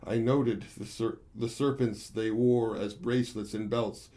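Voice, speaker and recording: A man's voice: lowish voice, steady tone, unhurried, warm tone, lightly acted. A gleeful, boastful monkey warrior, voiced by a man, spinning a tale of his own battle. He talks to his listeners as friends and plainly enjoys his own bragging.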